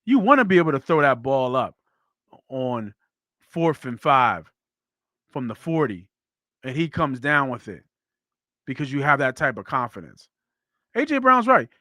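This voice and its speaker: A man hosting a sports podcast, talking football in a blunt, animated way that swears freely. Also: mid-range voice, a little slow, pauses often, no room sound, clean studio sound. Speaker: podcast host. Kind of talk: casual sports talk.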